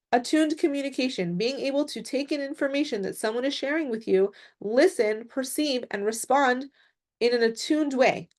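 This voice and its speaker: A woman presenting a mental health workshop, explaining step by step and often checking in with "right?" and "okay?". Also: a little high.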